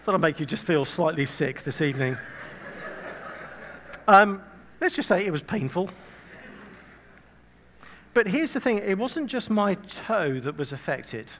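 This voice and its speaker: A man's voice: high voice, lively intonation, measured pace, pauses often, fairly bright tone, in a large hall, slight background noise. A man preaching a sermon in a conversational way, telling stories with humorous, self-deprecating asides and acting out quoted voices.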